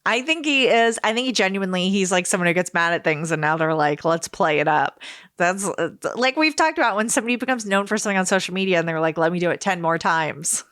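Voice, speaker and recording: A woman's voice: lowish voice, expressive, quick pace, a bit bright, no echo. Chatty woman co-host in a dry room. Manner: thoughtful, chatty, laughs often. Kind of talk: casual chat.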